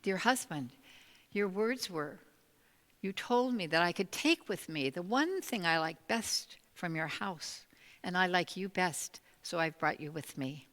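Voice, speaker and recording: A calm, clever young wife with a soft, soothing voice, as a woman telling a story puts her on. The voice sits a little low and gentle, with a long reverb from a large hall. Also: unhurried.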